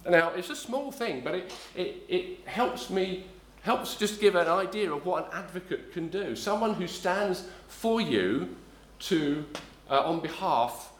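A man's voice: high-pitched, lively intonation, a little slow, hardly any pauses. Man preaching in an echoey church. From south-east London. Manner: rambling, self-correcting storyteller, frequent ums. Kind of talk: sermon with a personal story.

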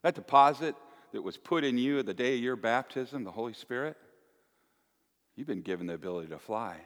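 A male pastor giving a folksy, animated sermon with playful asides to the congregation. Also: mid-range voice, a little fast. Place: church. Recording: echoey church hall.

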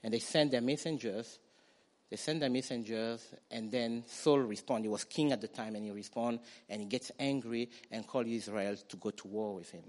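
A man preaching a sermon, animated, acting out quoted voices and building to loud declarations. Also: mid-range voice, moderate pace. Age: adult parent.

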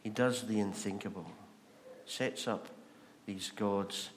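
A man with a Scottish accent preaching a sermon, animated and asking the congregation rhetorical questions. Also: lowish voice, slow, slight background noise. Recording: long reverb of a large hall.

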